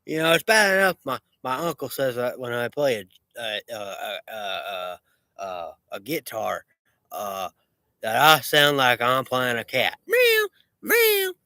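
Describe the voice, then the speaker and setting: A man's voice: medium pitch, lively intonation, measured pace, sharp tone, dry recording. A man who runs a lawn care business, talking in a rambling, repetitive and boastful way with many restarts. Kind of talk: rambling casual monologue.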